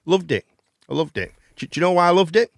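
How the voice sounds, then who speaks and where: A man's voice: on the high side, sing-song, quick pace, gravelly, no room sound, studio quality. A man, hosting a live chat and phone-in show, rambling and swearing casually. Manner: rambling, chatty, swears casually, calls people mate.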